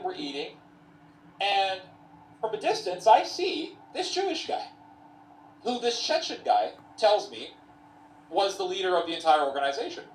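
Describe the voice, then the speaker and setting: A man tells an anecdote with a lively, swinging pitch and acts out the voices of the people in it. He sounds distant in an echoey room, with faint background noise. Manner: animated retelling with acted quotes. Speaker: conference speaker. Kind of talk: anecdotal storytelling.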